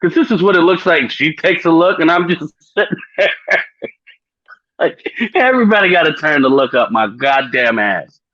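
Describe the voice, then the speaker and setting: A man's voice: on the high side, normal speed, no room sound, lo-fi sound. A man hosting a podcast, telling a long crude story casually, swearing and laughing often. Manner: profane, laughing, animated storyteller. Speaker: podcast host.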